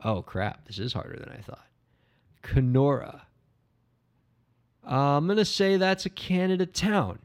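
A man co-hosting a podcast who plays along with a comedy bit, dry and playful. His voice has a gravelly edge, and his pitch rises and falls expressively. He sounds relaxed and quick to laugh at himself. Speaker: podcast co-host. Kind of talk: casual comedic banter.

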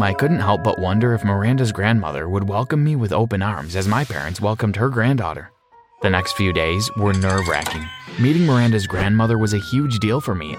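A man narrating a scripted story in a steady, measured reading voice. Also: fairly low pitch. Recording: music behind.

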